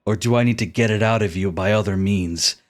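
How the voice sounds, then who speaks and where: A man voicing a cold, commanding prince-general who speaks slowly and with menace. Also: on the low side, voice pushed down, natural voice. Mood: menacing. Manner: slow, measured, menacing.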